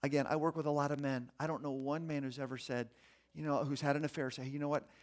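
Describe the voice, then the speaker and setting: A man preaches in a casual, streetwise way, talking to the crowd like friends. His voice sits a little high, and he drops to a near hush before climbing back to loud, excited stretches. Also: quick pace. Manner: animated, swinging between hushed and loud; conversational, streetwise, folksy. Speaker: pastor. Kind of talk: sermon.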